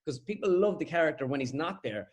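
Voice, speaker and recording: A man's voice: a little high, lively intonation, husky, highs cut off. An Irish man, a comedian and impressionist, chatting casually as a podcast guest and acting out quotes as he tells stories. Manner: rapid, storytelling, acts out quotes.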